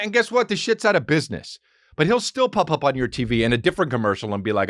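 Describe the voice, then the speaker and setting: A man's voice: on the high side, fast, dry recording, studio quality. A man hosting a podcast, talking in a rambling, profane, comedic monologue. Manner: animated, rambling, heavy swearing. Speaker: podcast host.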